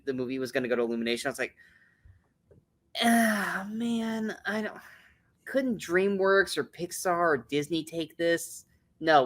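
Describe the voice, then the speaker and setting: A man's voice: fairly high pitch, a bit bright. Blunt, swearing man ranking movies. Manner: blunt, opinionated, swears often, rambling restarts. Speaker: podcast co-host, movie reviewer. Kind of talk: casual podcast movie ranking.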